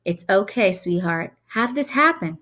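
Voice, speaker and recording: A woman's voice: a little high, a little fast, pitched above the performer's own voice. A woman doing a fretful Southern mother. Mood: worried. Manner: fretful, gentle. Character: worried mother, talks Southern when upset.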